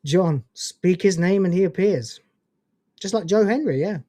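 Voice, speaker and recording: A man's voice: high-pitched, expressive, a little slow, mellow, no echo. Dry-voiced man ranting on a stream. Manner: ranting, profane, incredulous. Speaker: livestream host. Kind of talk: casual livestream chat reading donations.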